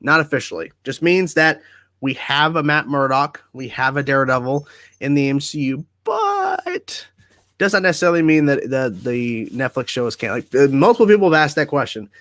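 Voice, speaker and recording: A man's voice: mid-range voice, fairly quick, fairly bright tone, no echo, studio quality. A man hosting a casual livestream from home, chatting easily and reading viewer comments aloud before answering them. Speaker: livestream host.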